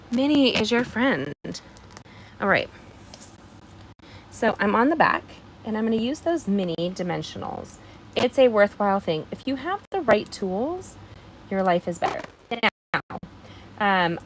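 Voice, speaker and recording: A woman's voice: medium pitch, vocal fry, background noise. A woman hosting a live card-making stream, chatting in a bubbly way straight to her viewers as she demonstrates. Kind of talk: casual live craft demonstration.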